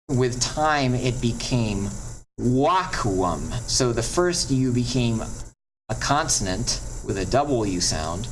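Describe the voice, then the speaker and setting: Slow, chatty male Latin teacher. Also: mid-range voice, a little hiss or hum, poor audio. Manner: chatty and encouraging, drawls out example words. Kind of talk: classroom lesson on pronunciation.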